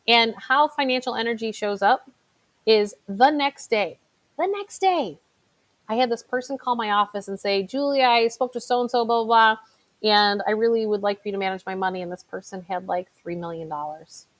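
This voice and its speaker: A middle-aged woman, a financial advisor giving a motivational talk in a chatty storytelling way, full of fillers. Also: mid-range voice. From Chicago.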